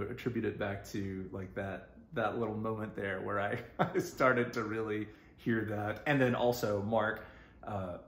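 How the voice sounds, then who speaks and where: A man's voice: medium pitch, gravelly, roomy sound. Rambling Texan man telling a story. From Texas. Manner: rambling with many fillers and restarts, laughing often. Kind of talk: casual storytelling.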